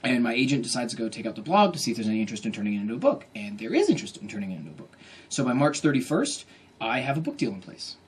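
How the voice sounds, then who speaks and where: A man in his thirties telling a comic story to an audience at a book event, animated and self-mocking, acting out his own inner voice. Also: mid-range voice, very fast, slightly rough.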